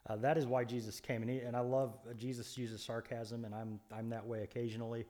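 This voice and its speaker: A man's voice: medium pitch, level tone, fairly quick, mellow. A man co-hosting a Bible study, explaining scripture in an earnest, preacherly way with frequent restarts and emphatic stresses. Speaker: co-host Bible teacher.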